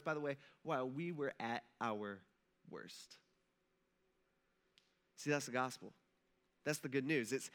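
A male pastor with a bright, forceful voice, sitting a little high for a man. He preaches in a relaxed, conversational way and slips into casual dialogue as he retells a story in the church auditorium. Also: clear, resonant tone. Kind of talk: sermon.

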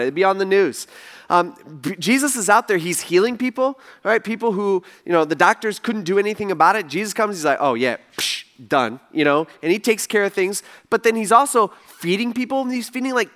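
Young guy preaching, chatty and animated, pretty high voice. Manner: conversational, animated storytelling. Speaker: pastor. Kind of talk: casual sermon.

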